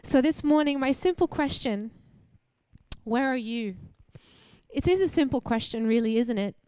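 An Australian woman in her young adult years gives a church sermon in a high, clear voice. She speaks warmly and conversationally, asking the congregation questions. The sound is close and dry. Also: no room sound. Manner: warm, animated, laughs often, asks the audience questions. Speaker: preacher.

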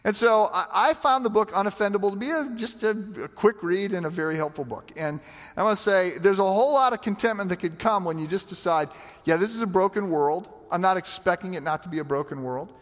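A man preaching a sermon in a conversational, animated way, often repeating words as he starts a thought. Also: high voice, brisk, long reverb tail. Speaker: pastor.

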